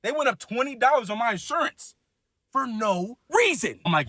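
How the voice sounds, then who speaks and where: A man's voice: very high voice, very animated, normal speed, bright, forceful tone, no room sound. A man on a podcast, telling a long story in casual chat, acting out a phone call and swearing freely. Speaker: podcast co-host.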